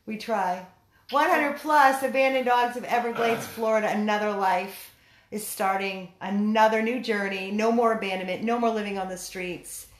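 A woman volunteering at a dog rescue, giving a casual video update to followers and slipping into high baby talk with a dog. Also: fairly even intonation, moderate pace, a little hiss or hum.

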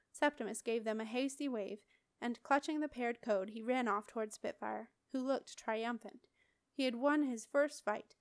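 Audiobook narrator, woman, steady expressive read, fairly high voice, dry booth sound. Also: no room sound. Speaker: audiobook reader. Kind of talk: scripted narration.

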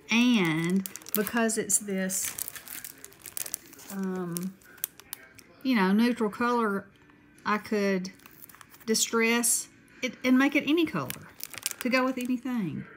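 Middle-aged Southern woman, unhurried, chatty craft vlogger, paper crinkling softly behind. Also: medium pitch, a little hiss or hum, rough recording. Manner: chatty, gushing, Southern-friendly. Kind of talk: casual haul chat.

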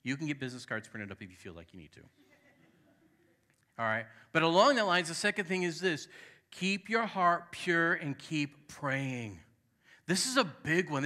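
A man's voice: sits high, sharp tone. A male pastor from New England preaching a sermon in a church, speaking emphatically and conversationally, calling out to the congregation and telling personal stories with candid asides. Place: church sanctuary.

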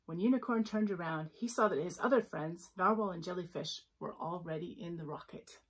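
A woman's voice: fairly low pitch, a little fast, few pauses, slightly rough, rough recording. A woman reading a children's picture book aloud with chatty asides about the pictures. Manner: lively, expressive. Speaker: storyteller.

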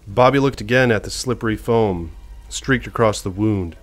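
Male audiobook narrator, low voice, measured suspenseful novel reading.

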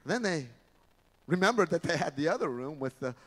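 A male pastor preaches with animated storytelling, his voice a touch high for a man. The sound rings with the long reverb of a large church hall. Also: fairly quick. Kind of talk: sermon.

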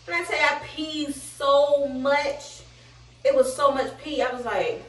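A woman's voice: high voice, steady tone, a little slow, fairly bright tone. A young woman vlogging in a candid, slangy, chatty way, a little out of breath. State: slightly out of breath. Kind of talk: casual vlog storytelling. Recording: echoey room, distant mic.

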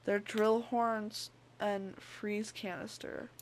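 A woman commentating as she plays a video game, chattering to the enemies and squeaking up high when she panics. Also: takes it slowly, slight background noise. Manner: excitable, talks to enemies, voice shoots up when panicked. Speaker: gameplay streamer. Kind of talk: let's play commentary.

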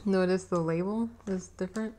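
A woman's voice: fairly low pitch, fairly even intonation, moderate pace, background noise. A woman co-hosting a casual snack-tasting chat, dry and matter-of-fact with a teasing edge. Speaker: snack reviewer co-host.

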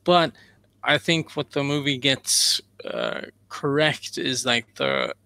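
A man's voice: mid-range voice, slow, vocal fry, sharp tone, no room sound. A man hosting a casual book discussion, rambling and joking as he goes. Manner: rambling, jokey, mimics voices. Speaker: podcast host, author.

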